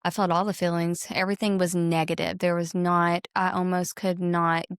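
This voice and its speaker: A woman guest on a spiritual podcast, speaking calmly and affirmingly. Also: fairly low pitch, moderate pace, clear, resonant tone, dry recording, studio quality. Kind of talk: casual spiritual chat.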